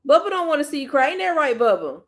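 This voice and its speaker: A woman hosting a casual livestream, gently coaxing and soothing a child, then chatting easily with her viewers. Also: high-pitched, big pitch swings, fast talker. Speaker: livestream host and mother.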